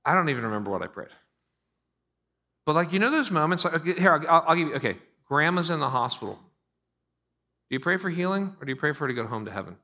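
A male pastor in middle age delivers a sermon like a conversation. His tone is bright and a bit high for a man. He swings from hushed asides to louder, animated stretches. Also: fast, long pauses.

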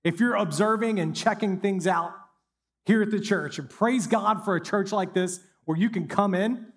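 A man's voice: high-pitched, moderate pace, long reverb tail. Emphatic preacher man. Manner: conversational, emphatic preaching with rising intensity. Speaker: pastor. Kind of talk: sermon.

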